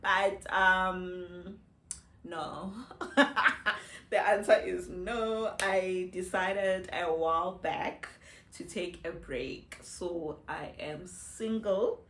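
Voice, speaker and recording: A woman's voice: fairly low pitch, fairly even intonation, drawn-out words, a bit bright. A South African woman in her thirties, chatting playfully to the camera and laughing often in a casual get-to-know-me vlog shot on a phone. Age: 30s. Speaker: vlogger. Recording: echoey room.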